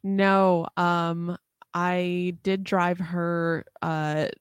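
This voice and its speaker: A woman guesting on a comedy podcast in a home studio, casual and deadpan with teasing jokes. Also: lowish voice, very slow, smooth, dry recording.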